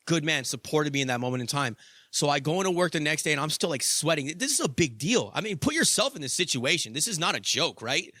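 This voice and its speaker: A man's voice: on the high side, sing-song, fast, bright, forceful tone, no echo, clean studio sound. A young adult man hosting a podcast, telling a story in a casual monologue, swearing freely and padding with "like" and "you know.". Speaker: podcast host.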